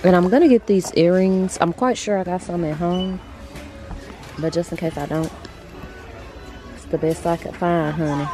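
A woman's voice: fairly low pitch, normal speed, long pauses, music in the background. A woman vlogging in a casual, chatty way, speaking straight to her viewers with lots of slang and energy as she goes about her errands and then talks from home. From Texas.

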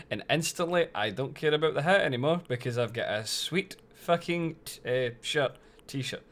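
A young Scottish man streaming a game, loud and sweary, with bursts of playful mock outrage. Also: a little high, animated, moderate pace. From Scotland. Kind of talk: casual live-stream commentary.

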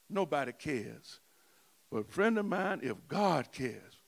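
High, bright-voiced preaching pastor. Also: male voice. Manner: call-and-response preaching, rising to shouts. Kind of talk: sermon. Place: church.

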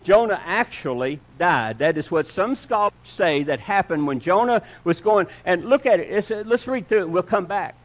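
A man preaching a sermon in an earnest style, moving between loud emphatic lines and hushed low ones and calling listeners "dear friend." He speaks. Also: lively intonation, normal speed, hardly any pauses. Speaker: pastor.

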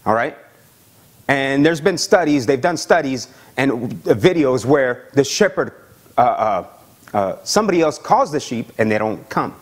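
A male pastor preaching a sermon and praying, excited, with frequent repeated words and calls of "Amen?". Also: medium pitch. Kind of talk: sermon with Bible reading and prayer.

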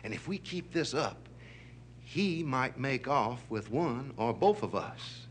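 A man voicing a brash male tiger, quick to fight. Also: medium pitch, lively intonation, slight background noise. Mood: wary.

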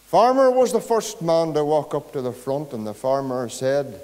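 With a slightly high, darkish voice, a Northern Irish pastor preaches at a moderate pace with few pauses, telling a story before building to fervent pleas to his listeners. The church setting gives a long hall reverb.

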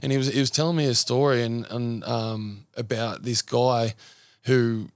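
An Australian man speaks in an earnest, meandering way. He tells stories full of "um"s and restarts, at a middling pitch. The sound is dry and close, with no room echo. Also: steady tone, normal speed. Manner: earnest, rambling storyteller with frequent fillers. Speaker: podcast guest, men's mental health support worker. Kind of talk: casual conversational interview.

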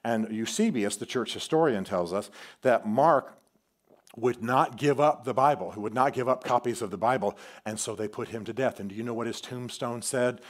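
A man preaching a sermon in a church, telling a story with animation and swinging from loud declarations to quiet asides. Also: mid-range voice, normal speed. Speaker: guest preacher. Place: church sanctuary.

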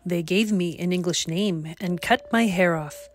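A woman reading the part of a kind, wise elderly grandfather in a storybook, speaking gently and steadily as he tells of his past. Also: on the low side, measured pace, faint music behind, lightly acted. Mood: reminiscing.

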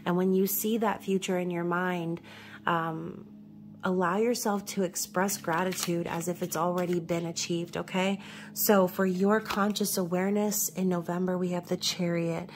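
A woman's voice: lowish voice, fairly even intonation, normal speed, slight background noise. A woman from New York giving a casual tarot reading, chatty and reassuring, often checking in with "okay?". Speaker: tarot reader.

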